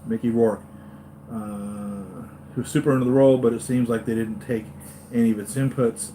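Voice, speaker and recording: A man hosting a live stream for his toy-collector channel, chatting excitedly and going off on tangents, with lots of fillers and restarts. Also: medium pitch, normal speed, a little hiss or hum. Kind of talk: rambling live-stream fan chat.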